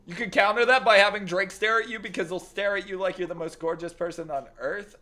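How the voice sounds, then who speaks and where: A man's voice: sits high, a little fast, pushed and bright. A man streaming games, bantering with chat in a joking, teasing way and putting on a playful accent that keeps slipping. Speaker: gaming streamer. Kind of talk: casual live-stream chat.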